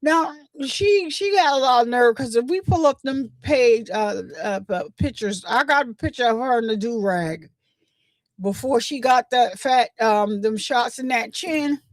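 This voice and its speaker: A woman, hosting a casual gossip livestream, telling the story in a chatty, animated way and acting out what others said. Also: a little high, a little slow, no echo. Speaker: livestream host.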